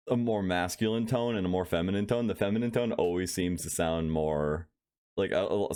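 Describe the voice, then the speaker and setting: A man's voice: low voice, a little mellow. A young man co-hosting a casual podcast, rambling and musing with many fillers and frequent laughs. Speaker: podcast co-host.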